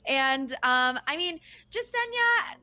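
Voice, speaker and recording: A woman's voice: sits high, sing-song, slow pace, pushed and bright. A woman co-hosting a casual chat, gushing and enthusiastic. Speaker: co-host.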